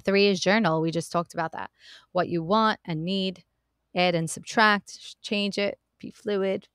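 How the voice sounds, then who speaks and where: A woman's voice: medium pitch, fairly even intonation, measured pace, fairly bright tone, clean tone, no echo, clean studio sound. A woman hosting a self-help podcast, talking earnestly and encouragingly to her listeners in a casual, direct way. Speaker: podcast host. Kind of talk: motivational self-help talk.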